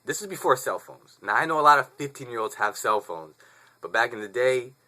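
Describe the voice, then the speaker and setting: A man's voice: medium pitch, expressive, brisk, bright, forceful tone. A man in his twenties casually telling a story to the camera, rambling, profane and slangy. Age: 20s. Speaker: vlogger.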